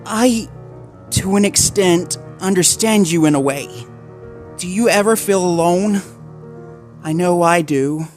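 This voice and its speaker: Man doing an anxious young female husky. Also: sits high, slow, pauses often, darkish tone, soft background music, voice pushed up. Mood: worried, pleading. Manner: pleading, then panicked and crying.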